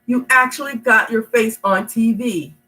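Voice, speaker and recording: A woman voicing an excited young male kitten in a read-aloud storybook, with a gushing manner. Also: on the high side, unhurried, faint music behind, pitched above the performer's own voice, poor audio. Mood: amazed.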